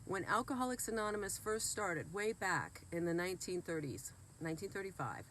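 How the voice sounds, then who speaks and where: A woman's voice: on the low side, animated, a little fast, fairly bright tone, slight background noise. A woman vlogger, sick and emotional, talking earnestly and bluntly straight to her viewers. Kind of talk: heartfelt direct-to-camera talk.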